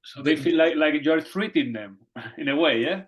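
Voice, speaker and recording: A man interviewing a guest, asking halting questions and restarting his phrases. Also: on the high side, lively intonation. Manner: halting questions with repeated starts. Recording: dull lo-fi sound.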